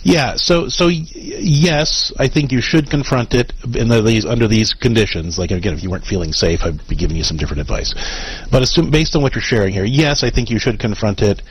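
A man hosting a call-in advice show, explaining calmly with frequent restarts and check-ins like "okay?". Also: mid-range voice, brisk, husky, low-quality recording. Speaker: radio advice show host.

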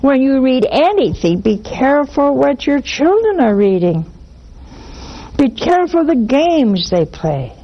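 A woman hosting a call-in show as a nun, teaching with animated little acted-out dialogues and blunt warnings. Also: high-pitched, measured pace, dull audio. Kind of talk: spiritual teaching and call-in talk.

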